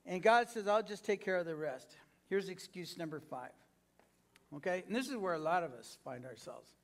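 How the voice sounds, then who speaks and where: A man preaching to his congregation, acting out quoted lines with big swings in pitch and loudness. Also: lively intonation, moderate pace, creaky. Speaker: pastor. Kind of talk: sermon.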